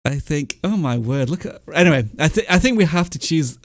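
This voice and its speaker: A man's voice: a little high, animated, brisk, dry recording, clean studio sound. A man hosting a casual livestream, chatty and laughing often as he reads viewer messages aloud. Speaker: livestream host.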